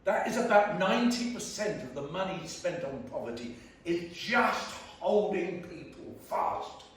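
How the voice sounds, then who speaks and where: A man's voice: high-pitched, lively intonation, measured pace, slight background noise. A man giving a blunt, emphatic, jokey speech to a community meeting in a church hall. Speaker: guest panellist. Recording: very echoey church hall, far from mic.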